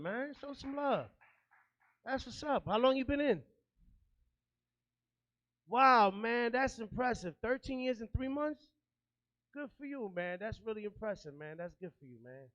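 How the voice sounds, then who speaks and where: High-voiced man doing stand-up comedy. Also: expressive, a little slow, pauses often, no echo, dull audio. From New York. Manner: streetwise, loose, chatty, working the crowd.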